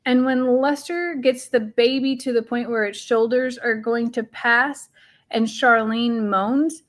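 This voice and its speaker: A woman's voice: a little high, fairly even intonation, measured pace. A woman co-hosting a casual chat and telling stories expressively. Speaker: co-host.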